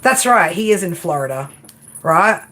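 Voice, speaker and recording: A woman's voice: fairly low pitch, animated, moderate pace, pushed and bright. A woman giving a live tarot reading in a brash, chatty way, swearing freely and calling her viewer girl and baby. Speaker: tarot reader.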